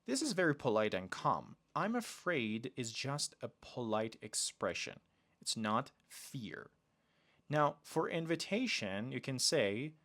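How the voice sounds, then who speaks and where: A man's voice: a little high, creaky. A man, teaching polite phrases in a podcast lesson. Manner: slow, deliberate delivery with lively emphasis on example phrases. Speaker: English teacher, podcast host.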